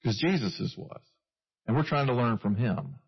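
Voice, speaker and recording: A man's voice: medium pitch, lively intonation, normal speed, vocal fry, breathy edge, muffled recording. A man preaching a conversational sermon, chuckling at himself now and then. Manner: conversational, with self-deprecating asides and chuckles.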